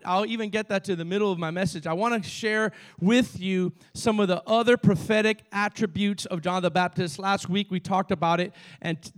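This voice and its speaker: A man with a Cuban accent, a pastor preaching a sermon to his congregation with energetic call-and-response. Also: high voice. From Cuba. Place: church sanctuary.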